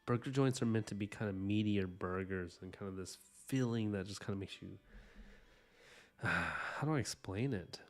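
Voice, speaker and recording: A man with a lowish voice and a normal speed hosts an art livestream. Chatting casually with his viewers, he rambles eagerly and uses "like" and "you know" a lot.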